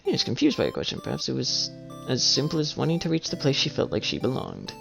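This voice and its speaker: A man's voice: mid-range voice, wildly swooping pitch, fast, creaky. A man reading a game aloud with casual, swearing, joking commentary as a game streamer. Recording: slightly dull audio with faint music.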